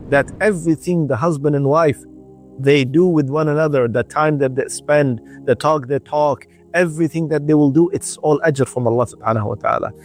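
A man giving a radio sermon, telling a story earnestly in short halting phrases. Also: a little high, darkish tone. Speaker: religious speaker.

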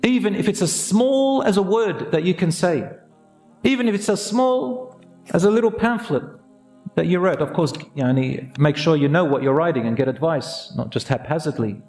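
Earnest male preacher with a raised pitch. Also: animated, normal speed, a little mellow, echoey room, faint music behind. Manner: earnest, exhorting, mixes Arabic phrases. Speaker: imam giving a talk. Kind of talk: radio sermon.

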